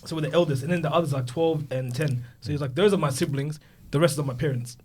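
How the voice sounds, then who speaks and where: A man's voice: on the high side, quick pace, slight background noise. A man in his twenties, a podcast co-host, telling stories in casual chat and acting out the voices of the people in them. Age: 20s. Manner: animated storyteller, acts out voices of kids.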